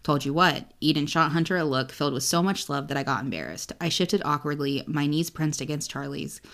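A young woman co-hosting a casual book podcast, excitedly recapping scenes, swearing freely and reading passages aloud between laughs. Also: deep voice, brisk. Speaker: podcast co-host.

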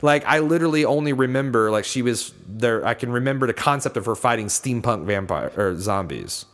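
A man's voice: mid-range voice, expressive, brisk, fairly bright tone, big-room sound. Ranting male podcast host. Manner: ranting, scornful, profane. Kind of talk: casual chat, film review.

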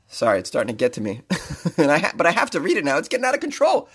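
A man's voice: a little high, huge pitch swings, quick pace, slightly rough. Ranting, laughing comedic male host. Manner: ranting, mocking, rising to loud outbursts; laughs often while talking. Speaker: podcast host reading news. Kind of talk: comedic news commentary.

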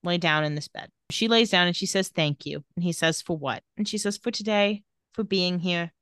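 A woman co-hosts a podcast, recapping a TV episode in casual chat by animatedly retelling scenes and quoting the characters' lines. Her lowish voice is clear and resonant, at a moderate pace. The studio sound is clean, with no room sound.

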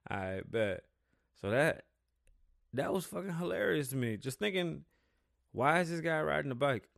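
A man hosting his own podcast, talking loosely and excitably, swearing often and stumbling over words. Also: a little high, normal speed, creaky, no echo, studio quality. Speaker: podcast host. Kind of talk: casual solo podcast talk.

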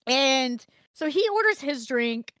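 Animated, swearing woman storyteller. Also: high-pitched, slow pace, dry recording, clean studio sound. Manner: animated, swearing, acts out quotes. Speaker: podcast co-host. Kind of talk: casual storytelling chat.

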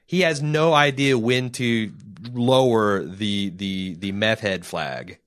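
A man co-hosting a casual podcast, talking excitedly and swearing, often mimicking characters in sudden high voices. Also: takes it slowly, clean tone. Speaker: podcast co-host. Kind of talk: casual show discussion.

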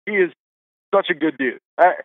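A man with a fairly high voice tells stories chattily, stumbling and restarting as he goes. He comes through a dry, tinny phone line. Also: dry recording. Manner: chatty storyteller, quick restarts. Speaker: golf writer guest. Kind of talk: casual podcast interview chat.

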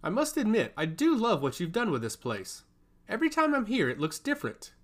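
A smug male schemer who taunts everyone around him and giggles as he talks. A man puts on this voice, pitched noticeably high and lively, for a storybook reading. It sounds sly and pleased with itself. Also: a little fast, heavily acted. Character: smug scheming male god-touched servant.

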